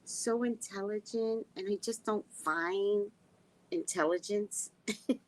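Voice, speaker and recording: A woman host chatting casually with viewers, giggly and drifting between soft murmurs and loud outbursts. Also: medium pitch, slow, low-quality recording. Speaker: livestream host.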